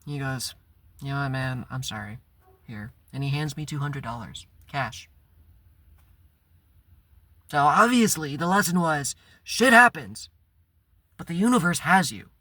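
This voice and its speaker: A man's voice: a little high, lively intonation, measured pace, pauses often, sharp tone, no echo. A man telling a personal story in a casual, rambling vlog, swearing and breaking into bursts of exasperation. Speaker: spiritual vlogger.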